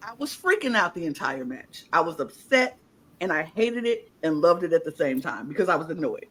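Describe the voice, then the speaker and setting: Animated, colloquial woman storyteller. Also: low-pitched, a little fast. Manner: animated storyteller, acts out quotes; loose, colloquial phrasing. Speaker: podcast co-host. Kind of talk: casual podcast chat.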